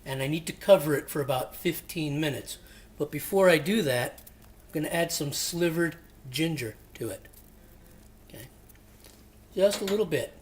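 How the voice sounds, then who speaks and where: A man's voice: fairly high pitch, normal speed, pauses often, a little hiss or hum. A man hosting his own cooking channel, chatty and friendly, talking while he cooks in a home kitchen. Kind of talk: casual cooking vlog. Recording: echoey room.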